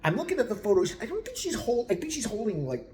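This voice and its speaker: A vlogger ranting through a storytime in an animated, profane, exasperated way. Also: mid-range voice, fast, crowd noise. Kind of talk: storytime rant.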